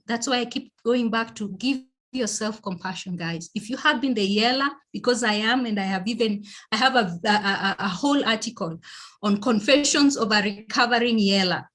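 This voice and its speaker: A woman's voice: fairly high pitch, a bit bright. Emphatic Kenyan woman giving a parenting talk. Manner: emphatic, repeats key phrases, checks in with listeners. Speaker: parenting speaker. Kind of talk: motivational parenting presentation.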